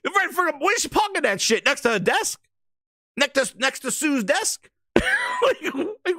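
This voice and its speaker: A male host with a very high, bright voice, ranting and laughing through casual video commentary. His pitch swings widely as he curses and riffs, and the recording is dry and close with no room around it. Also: a little slow, no echo. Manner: profane, laughing, animated ranting.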